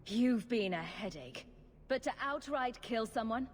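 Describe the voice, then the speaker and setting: An actress playing a blunt, stern guard captain in a video game, speaking firmly and matter-of-factly. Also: female voice, on the high side, lively intonation, measured pace. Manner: blunt, firm, matter-of-fact. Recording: long reverb with faint noise.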